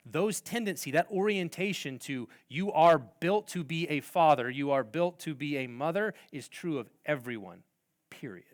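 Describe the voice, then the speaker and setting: A man's voice: fairly high pitch, expressive, moderate pace. A middle-aged man speaking to a conference of pastors, teaching in a conversational way, asking the audience questions and often dropping his voice at the ends of phrases. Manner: wide swings in loudness, trailing off quietly at phrase ends. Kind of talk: lecture-style talk to pastors.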